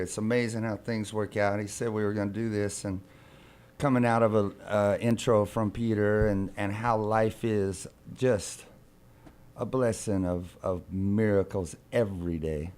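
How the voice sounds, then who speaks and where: A man in his fifties from Oklahoma, a radio guest telling a story in a rambling, halting way with many restarts. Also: on the low side, steady tone, a little mellow. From Oklahoma, USA. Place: radio studio.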